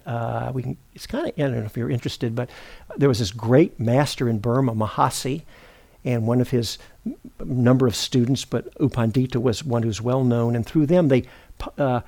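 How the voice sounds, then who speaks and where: Middle-aged man, meditation teacher, gravelly, mellow, unhurried, self-correcting. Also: mid-range voice. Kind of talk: dharma talk. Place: retreat center meditation hall.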